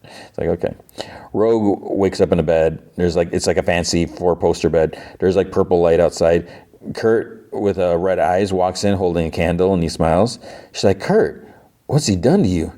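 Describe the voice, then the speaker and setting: A man's voice: sits low, steady tone, normal speed, dark tone. A man hosting a podcast, casually recapping a TV episode in a chatty, filler-heavy way. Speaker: podcast host.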